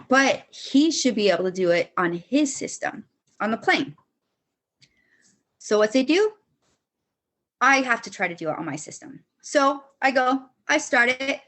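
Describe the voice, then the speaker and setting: Blunt, bright-voiced woman telling her story. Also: fairly high pitch. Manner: blunt, swears often, retells arguments in quotes. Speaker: podcast guest. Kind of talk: candid personal storytelling.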